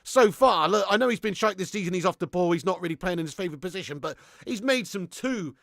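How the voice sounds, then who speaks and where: Excitable sweary football watchalong host. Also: male voice, high voice, fast, creaky, dry recording, studio quality. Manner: excitable, swears a lot, chats with viewers. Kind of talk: live watchalong commentary.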